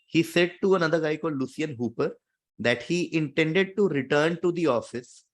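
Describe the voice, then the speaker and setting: A man with an Indian English accent runs a quiz show in a steady, explanatory manner. His voice sits in an ordinary middle register. He sprinkles in small fillers as he reads out questions and scores. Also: mid-range voice. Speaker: quizmaster.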